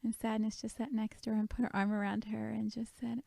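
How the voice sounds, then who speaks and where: A woman leading a guided meditation, speaking softly and gently, often half-whispered. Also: fairly high pitch, flat delivery, brisk, gravelly, few pauses, no echo.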